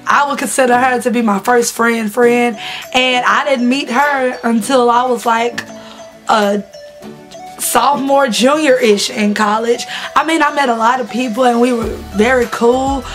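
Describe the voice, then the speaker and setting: A woman's voice: fairly high pitch, a little slow, faint music behind. A woman, telling candid, laughing stories to her vlog audience. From Southern United States. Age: 20s. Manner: chatty, laughing, slangy and candid. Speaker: vlogger. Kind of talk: casual storytelling to camera.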